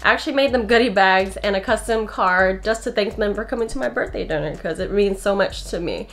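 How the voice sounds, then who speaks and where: Breathy twenty-something girl vlogging about her gifts, chatty, giggly, gushes over everything. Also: mid-range voice, fairly quick, fairly bright tone. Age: 20s. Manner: chatty and gushing, giggles often. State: sounds out of breath. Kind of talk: casual gift show-and-tell. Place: home bedroom.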